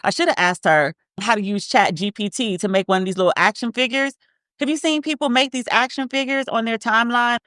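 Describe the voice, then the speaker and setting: A woman's voice: fairly high pitch, fairly quick, fairly bright tone, dry recording, clean studio sound. A woman in her thirties co-hosting a podcast in casual chat, telling a story with lots of restarts and tangents. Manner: rambling, self-interrupting storyteller with frequent restarts. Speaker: podcast co-host.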